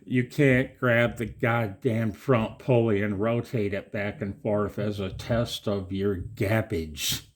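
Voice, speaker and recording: A man's voice: on the low side, steady tone, slow pace, hardly any pauses. A middle-aged man talking to his viewers in a rambling, casual monologue, chatty and profane, often poking fun at himself. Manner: chatty, profane, self-mocking. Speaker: video maker.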